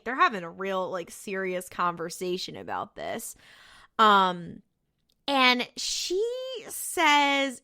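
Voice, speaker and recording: A woman with a mid-range, bright, forceful voice co-hosts a podcast and casually recaps a TV episode. Chatty and quick to swear, she retells scenes by quoting the characters in their own voices.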